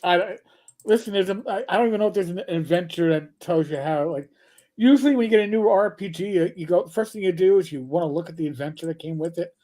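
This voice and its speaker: A man's voice: sits high, fast talker. Older guy hosting a live stream, swears a lot, rambles and jokes around. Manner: profane, rambling, animated joker. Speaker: host. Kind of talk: casual chat on a live stream.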